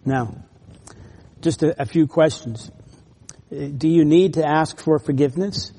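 A man's voice: fairly high pitch, a little slow, warm tone, husky. Emphatic male pastor in a reverberant hall. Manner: earnest, emphatic, with small laughs and restarts. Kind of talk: sermon.

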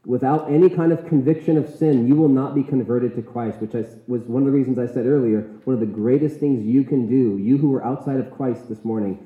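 A man preaches from the pulpit, earnest and emphatic, often slowing to lean on single words. His voice sits at an ordinary middle pitch. The sound is thin and tinny, as if over a phone line, and it rings in an echoey room. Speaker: pastor. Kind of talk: sermon.

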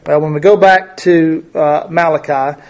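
A man's voice: fairly high pitch, fairly even intonation, a little slow. A man teaching a Bible study lesson, reading verses aloud and explaining them in a conversational way, with many fillers and rhetorical questions.

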